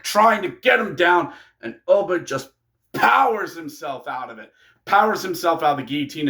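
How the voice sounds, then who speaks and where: A man narrating a fantasy wrestling storyline in a playful, excitable way. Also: fairly high pitch. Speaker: wrestling fan video creator.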